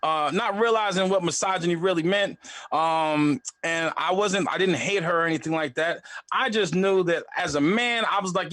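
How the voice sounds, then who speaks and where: A young adult man telling a comic story in a live storytelling show, animated and acting out other voices. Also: high-pitched, normal speed, dry recording. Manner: animated, acts out voices in a loud hype.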